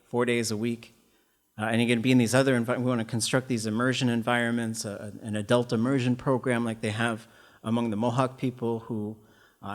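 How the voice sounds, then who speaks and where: A man from Alaska, a language professor, giving a public lecture in an earnest storytelling way, with sudden loud bursts. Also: medium pitch. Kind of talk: public lecture with personal stories.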